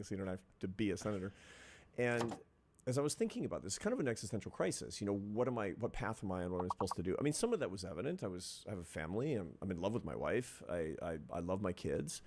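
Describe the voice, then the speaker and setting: A man in middle age with a notably low-pitched voice shares a personal story as a guest in an interview. He talks in an earnest, thoughtful way, laying out his ideas one step at a time. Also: background noise. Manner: earnest, reflective, builds points step by step. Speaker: interview guest, social scientist.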